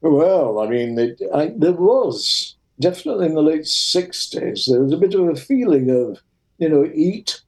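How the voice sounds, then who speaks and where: A man's voice: on the high side, moderate pace, rough recording. Older Lancashire man telling stories. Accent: Lancashire English. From Lancashire, England. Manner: lively, vivid storyteller. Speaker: guest, retired racing driver. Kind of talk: interview anecdotes.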